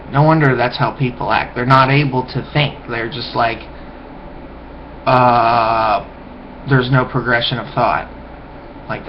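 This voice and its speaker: A man rambling through a loose, profane webcam monologue, often trailing off and mumbling. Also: mid-range voice. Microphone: webcam mic. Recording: dull lo-fi webcam audio, faint hiss.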